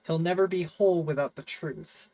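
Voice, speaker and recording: A man's voice: fairly high pitch, moderate pace, mellow, natural voice. A man quoting a chatty male talking head from a game, half putting on an accent. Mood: earnest. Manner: rough imitation of an accent.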